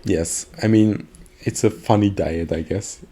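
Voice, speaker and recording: A man with a somewhat low voice co-hosts a casual podcast. He tells his stories loosely, stopping often for fillers and breaking into laughs. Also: unhurried, mellow, breathy edge. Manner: laughing, storytelling with many fillers. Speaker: podcast co-host. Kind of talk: casual chat.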